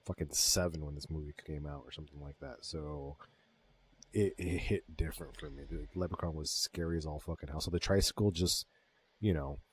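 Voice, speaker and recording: A man's voice: a bass voice, steady tone, a little fast, breathy edge. A man in his thirties co-hosting a podcast, casually retelling movie scenes in laid-back talk with plenty of swearing. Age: 30s. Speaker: podcast co-host. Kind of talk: casual movie-review chat.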